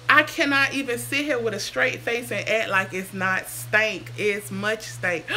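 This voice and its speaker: A woman's voice: fairly high pitch, fairly even intonation, unhurried, hardly any pauses, pushed and bright, slight background noise. Chatty sick woman on a home livestream. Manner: chatty, sidetracked, answers comments aloud. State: sick, sounds under the weather. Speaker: hair vlogger on a livestream. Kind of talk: casual livestream chat reading viewer comments.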